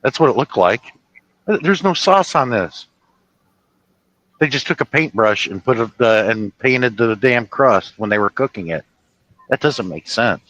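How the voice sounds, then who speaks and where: A man's voice: mid-range voice, expressive, unhurried, fairly bright tone, no echo. A trucker rambles through his stories from the cab, tripping over restarts and dropping the odd curse. His voice sits in a middle register and comes through a little dull and lo-fi, with a dry, close sound and no room around it. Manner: storytelling with swearing and restarts. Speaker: truck driver streaming. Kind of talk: casual rambling chat.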